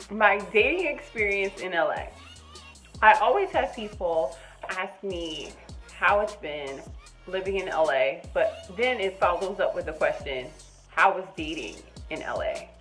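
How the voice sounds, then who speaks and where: Young woman, storytime vlogger, animated, chatty, loud highs, muttered asides, faint music. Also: low-quality recording. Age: young adult. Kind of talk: casual storytime vlog.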